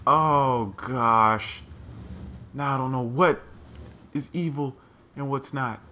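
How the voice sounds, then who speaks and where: A man's voice: medium pitch, slow pace, sharp tone, a little hiss or hum. A man giving let's play commentary, thinking aloud to his viewers as "guys" and crying out in alarm at what he finds. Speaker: gaming channel host.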